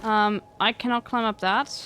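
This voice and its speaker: A woman's voice: a little high, fairly even intonation, normal speed, fairly bright tone, a little hiss or hum, low-quality recording. A young woman streaming a game, chatting crudely and jokingly with her viewers. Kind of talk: casual gameplay commentary.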